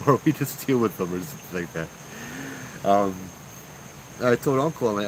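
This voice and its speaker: A man's voice: lowish voice, lively intonation, measured pace, long pauses, a little hiss or hum, poor audio. Laid-back man with a Hawaiian Pidgin accent. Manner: laid-back, laughing, chatty. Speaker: ghost-story channel host. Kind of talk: casual live storytelling.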